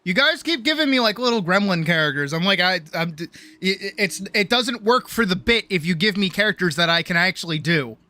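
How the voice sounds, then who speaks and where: A woman's voice: on the low side, a little fast, hardly any pauses, no room sound. A woman streamer chatting casually, swearing a lot and mocking herself. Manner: profane, animated, self-mocking. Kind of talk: casual live-stream chat. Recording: faint music behind.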